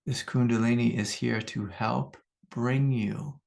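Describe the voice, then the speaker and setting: A middle-aged man giving a calm, unhurried spiritual teaching talk as a meditation teacher, repeating his key phrases. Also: medium pitch, vocal fry.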